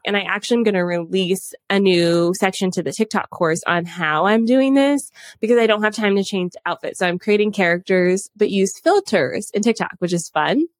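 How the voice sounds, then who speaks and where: A woman's voice: mid-range voice, no echo, studio quality. Chatty upbeat woman podcast host. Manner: chatty and upbeat, with frequent "like" and asides. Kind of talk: casual podcast monologue.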